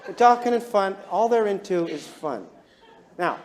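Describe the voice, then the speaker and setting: A man teaching a class, animated and often chuckling as he talks, and quizzing his listeners. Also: high-pitched, normal speed, crowd noise, noisy background. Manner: animated, chuckles while talking, quizzes the audience. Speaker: instructor. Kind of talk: classroom lecture.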